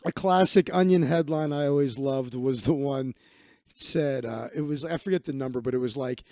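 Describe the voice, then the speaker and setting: A man's voice: mid-range voice, a little fast, mellow, no echo, clean studio sound. A man hosting a casual livestream, chatting in a rambling, profane and offhand way as he reads through his social feed. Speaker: livestream host.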